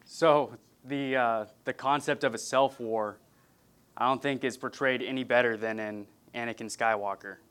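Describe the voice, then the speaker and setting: A man from California preaches at a middle pitch in an earnest, measured way. He speaks plainly and warmly to a congregation, now and then easing in some gentle humor. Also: steady tone, smooth. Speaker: pastor. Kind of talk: sermon.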